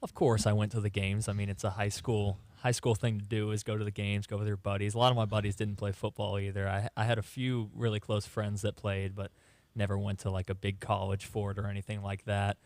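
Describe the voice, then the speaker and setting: A young man co-hosting a sports talk radio show, giving relaxed, matter-of-fact opinions. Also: on the low side, brisk, no room sound.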